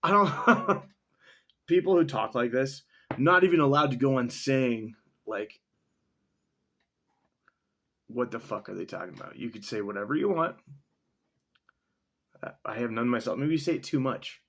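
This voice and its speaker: A man casually reacting to a text he reads, rambling and sarcastic, swearing freely and filling pauses with ums and likes. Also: medium pitch, animated, creaky, a bit bright. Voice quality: mustache-wearing man chuckling between remarks. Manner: profane, sarcastic, thinks aloud with many fillers. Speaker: vlogger reading and reacting to a text.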